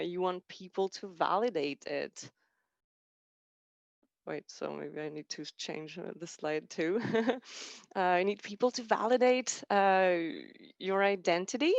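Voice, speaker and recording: A woman's voice: mid-range voice, dry recording. A young woman from France, a native French speaker, gives a personal talk in a candid, conversational way, full of fillers and self-corrections. The recording is dry and a little dull, with a slightly lo-fi sound.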